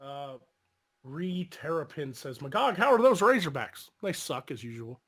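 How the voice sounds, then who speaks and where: A young man, chatting loosely on a stream, rambling and swearing, quick to laugh. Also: on the high side, very animated, fairly bright tone, breathy edge. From Arkansas. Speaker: podcast co-host. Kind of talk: casual chat on a live stream.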